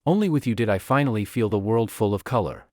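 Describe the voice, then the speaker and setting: A man's voice: lowish voice, expressive, quick pace, darkish tone, no echo, studio quality, natural voice. A man voicing an obsessive, lovestruck young woman with fire powers, talking in a clingy, possessive way. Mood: adoring. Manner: clingy, pleading then coldly possessive.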